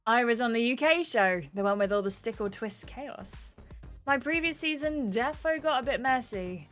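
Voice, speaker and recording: A woman's voice: a little high, lively intonation, moderate pace, fairly bright tone, faint music behind. A woman voicing a chatty young female reality show contestant, gushing and confiding.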